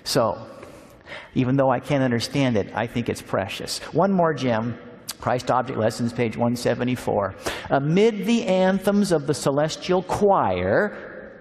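Man, sermon, storytelling, mid pitch, slows for emphasis, long hall reverb. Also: animated, a little mellow. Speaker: speaker at a Christian seminar. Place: large hall.

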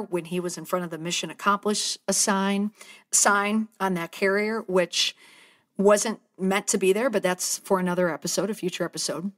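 A woman's voice: fairly low pitch, a bit bright. A woman hosting a podcast, giving conversational and heartfelt commentary and sometimes choking up. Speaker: podcast host and communications speaker.

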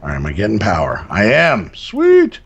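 A man co-hosting a casual Minecraft let's-play, relaxed and narrating each step as he builds. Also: sits low, fast talker, vocal fry, breathy edge, muffled recording. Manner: relaxed, narrates his own building steps. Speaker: gaming channel co-host.

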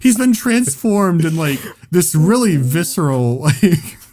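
A man telling a story on a podcast, swearing freely and animated throughout. His voice sits a little high and swings widely in pitch as he builds each beat. It sounds relaxed and conversational. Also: slow, slight background noise. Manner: animated, profane, laughing storyteller. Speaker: podcast host. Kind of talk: casual storytelling chat.

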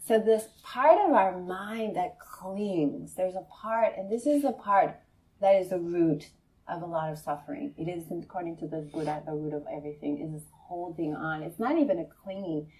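A woman's voice: moderate pace, a little hiss or hum. Laughing woman meditation teacher. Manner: conversational, laughing often, frequent "right?" to the audience; animated storytelling, voicing friends in a high excited tone. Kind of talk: dharma talk to a live group.

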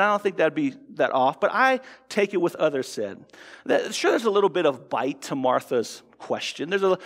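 A man with a high voice preaches in a church, his words ringing with a long hall reverb. He talks casually to the congregation, stumbling into restarts and slipping into quoted voices. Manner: conversational preaching with frequent restarts and acted-out quotes. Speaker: pastor. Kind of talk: sermon. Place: church sanctuary.

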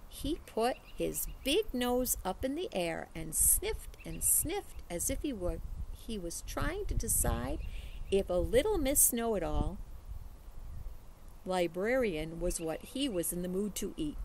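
A woman voicing an elderly woman librarian in a read-aloud storybook, telling her tale in a slow, warm storytelling drawl. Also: mid-range voice, very animated, creaky, a little hiss or hum, low-quality recording. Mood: gentle storytelling.

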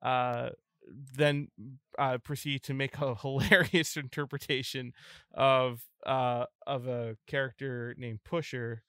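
A man co-hosts a casual podcast and gives context in a halting way, restarting his sentences. His voice is smooth and resonant, and the sound is dry and close. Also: mid-range voice, fairly even intonation, fairly bright tone, dry recording. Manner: hesitant, restarts often.

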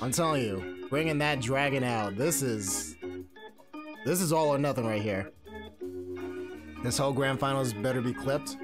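A man giving casual, excitable play-by-play commentary on a game tournament from his home stream. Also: medium pitch, moderate pace, pauses often, music in the background. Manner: excitable, casual gamer slang. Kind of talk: live esports play-by-play commentary.

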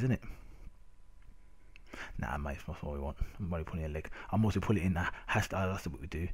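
A gamer with a husky bass voice talks fast but pauses often while narrating match footage. He's a young man with a London accent, ranting casually with lots of slang and repeated "innit".

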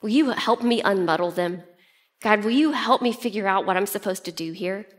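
A woman pastor preaching a sermon in an animated way, often shifting pace and pitch. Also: moderate pace.

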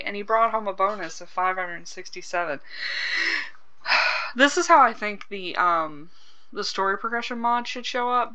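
A woman hosts a gaming channel let's play, chatting casually, swearing freely and reacting aloud to what happens on screen. Her mid-range voice sounds pushed and bright, and the audio is lo-fi.

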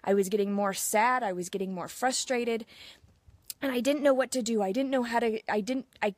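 A woman's voice: on the high side, fairly quick, no echo. A woman in her thirties, a mothers' mentor, telling personal stories in a casual live chat, earnest and open. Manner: earnest, open, tells personal stories with quoted inner voices.

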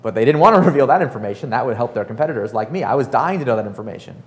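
A man giving a casual, animated talk to an audience, full of fillers and acted-out quotes. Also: medium pitch, racing, in a large hall. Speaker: startup author and speaker.

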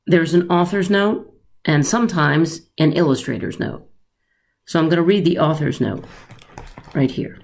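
A teacher reading a children's story aloud in an expressive, unhurried way. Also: female voice, lowish voice, vocal fry.

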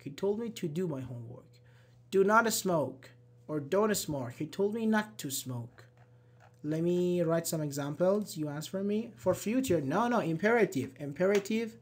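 Slow-paced online English teacher. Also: medium pitch. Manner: slow, repeats examples, apologizes and laughs at own slips. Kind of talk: live-streamed grammar lesson reading chat.

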